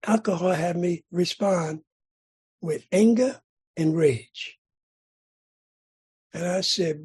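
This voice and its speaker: A middle-aged man from California sharing his recovery story at a meeting, telling it dramatically with sudden loud bursts and rhythmic repetition. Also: sits high, a little slow, pauses often, slightly rough. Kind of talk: personal recovery testimony.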